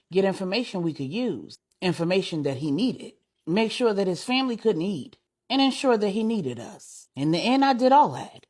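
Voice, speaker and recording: A woman's voice: fairly low pitch, a little mellow, breathy edge. A woman voicing a bold young gangster's wife who talks crude and unbothered. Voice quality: brash, unbothered, crude street talk.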